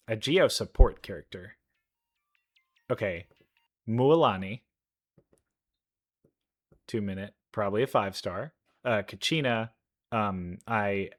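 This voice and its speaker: A young man casually reacting to game trailers, chatty and quick to laugh, with bursts of excitement. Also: fairly low pitch. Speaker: reaction video creator. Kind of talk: casual commentary while reacting to videos.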